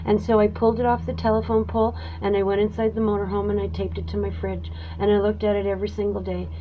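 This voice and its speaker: A woman hosting her own show, telling a personal story in a casual, animated way with lots of fillers. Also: medium pitch, quick pace, background noise. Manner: animated, emphatic, many fillers. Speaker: host. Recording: dull lo-fi recording.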